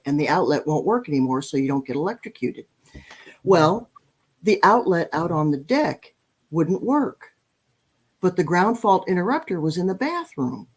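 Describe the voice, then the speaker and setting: An older woman in her sixties telling personal stories on a podcast, her voice a little low for a woman. She speaks animatedly, pokes fun at herself and trips into frequent restarts. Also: breathy edge. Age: 60s. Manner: animated, self-deprecating, many restarts. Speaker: podcast guest. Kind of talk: storytelling in conversation.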